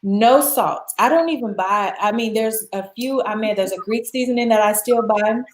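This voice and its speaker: An American woman telling travel stories in a casual chat as a guest, animated and laughing often. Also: fairly high pitch, moderate pace, slight background noise. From United States. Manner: animated, laughs often, acts out quoted voices. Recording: roomy echo.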